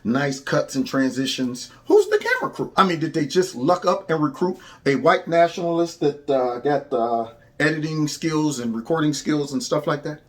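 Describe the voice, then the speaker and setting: Sarcastic high-voiced male commentator. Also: sing-song, normal speed, few pauses. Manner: sarcastic, rambling, lots of "uh" fillers. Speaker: commentary show host.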